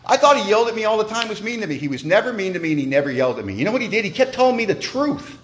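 A man's voice: high voice, big pitch swings, racing, fairly bright tone. A man giving a humorous, emphatic personal testimony at a recovery meeting, in a conversational storytelling manner.

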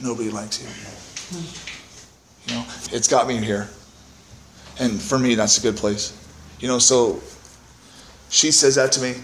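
A man's voice: medium pitch, fairly even intonation, a little slow, pauses often, a bit bright, reverberant, a little hiss or hum. Candid, profane man speaking at a meeting. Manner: candid, self-mocking, profane, keeps asking "right?". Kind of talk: personal testimony to a meeting. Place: meeting room. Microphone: podium microphone.

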